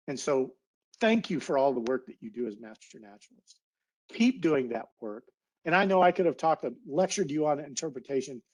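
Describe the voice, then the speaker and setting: Over a video call, a man with a medium-pitched voice gives a heartfelt webinar talk as a guest speaker, a naturalist biologist. He grows a bit emotional, and the audio is poor.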